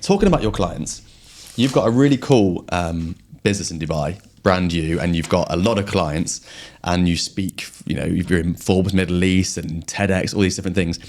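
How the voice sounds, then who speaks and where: Young male host, West Country accent, low voice, quick and friendly. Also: a little mellow. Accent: West Country English. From southwest England. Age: young adult. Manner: quick, friendly, agreeable interjections. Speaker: podcast host. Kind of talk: conversational interview.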